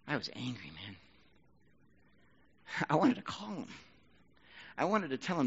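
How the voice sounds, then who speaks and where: A man preaching a sermon as pastor, talking conversationally and rising to loud, emphatic bursts. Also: medium pitch, big pitch swings, measured pace, long pauses, breathy edge, highs cut off.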